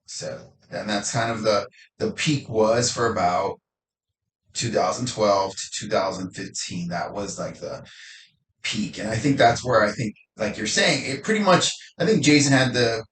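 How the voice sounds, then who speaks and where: Man, low voice, fitness coach guest, loose storytelling, profane, echoey room. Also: unhurried, fairly bright tone. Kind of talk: casual conversation. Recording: echoey room, faint noise.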